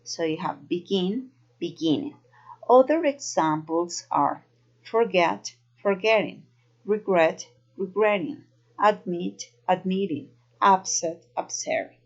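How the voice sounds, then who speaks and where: Slow, careful Colombian-accented woman teacher. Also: fairly low pitch, darkish tone. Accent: Colombian Spanish. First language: Spanish. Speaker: English teacher. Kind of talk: recorded grammar lesson. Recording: dull lo-fi recording.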